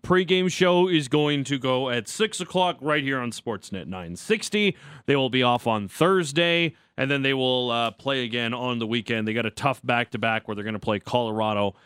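A man hosting a sports radio show, running through segment links and interviewing a guest with brisk, upbeat delivery. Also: mid-range voice, a bit bright, clean tone, dry recording. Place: radio studio. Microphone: studio microphone.

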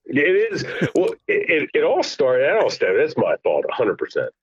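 A middle-aged man chatting as a podcast guest over the phone, telling family stories in an animated, laughing way. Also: fairly high pitch, normal speed, slightly rough, no room sound. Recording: dull lo-fi phone line.

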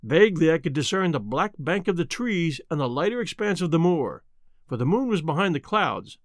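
A man narrating a story aloud with an expressive, dramatic reading. His voice is fairly high and moves a lot in pitch. The recording is close and dry. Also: brisk, dry recording. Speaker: audiobook narrator. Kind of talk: scripted narration.

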